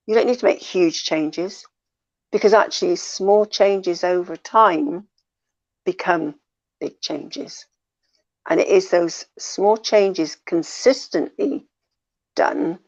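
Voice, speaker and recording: A woman's voice: on the low side, darkish tone, muffled recording. A woman coach in a conversational talk show, explaining ideas reflectively and drawing on her own experience. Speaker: life coach.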